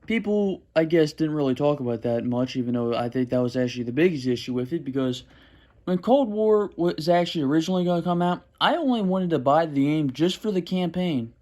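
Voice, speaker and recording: Rambling young man with a mellow voice. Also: on the high side, animated, brisk. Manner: rambling, restarts, frustrated sarcasm. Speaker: gaming commentary youtuber. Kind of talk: unscripted gaming rant.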